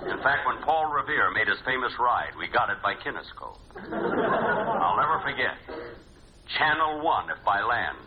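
A man hosting and narrating a 1950s radio comedy, with a dry, deadpan delivery and pauses for laughs. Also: mid-range voice, a loud crowd. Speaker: comedy show host and narrator. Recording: hissy dull old radio recording.

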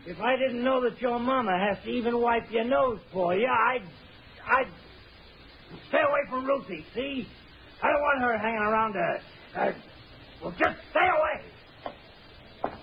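Casting: a drunken, gravelly-voiced bully of a father in an old radio drama; high, snarling delivery. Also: unhurried, pauses often, full character voice. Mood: raging. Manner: snarling, blustering threats. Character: drunken bullying middle-aged father, gruff and violent. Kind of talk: 1940s radio acting. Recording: muffled old radio recording with hiss.

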